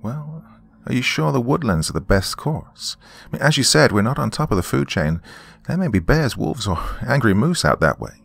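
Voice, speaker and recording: A man voicing a frightened thirteen-year-old girl in a horror story, pleading and pitched up. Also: very animated, moderate pace, vocal fry, few pauses, husky, heavily acted. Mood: uneasy.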